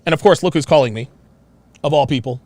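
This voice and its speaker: A man hosting a live stream and reading viewer messages aloud, with a distinctive voice that swings from very high to very low. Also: fast talker, darkish tone, no room sound.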